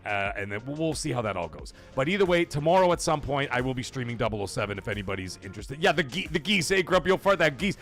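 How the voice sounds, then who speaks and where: A middle-aged man from Canada hosting a live gaming stream, telling stories in a rambling way, cursing freely and getting loud when he is excited. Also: mid-range voice, fast, hardly any pauses, faint music behind. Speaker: livestream host. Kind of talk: casual live-stream chat.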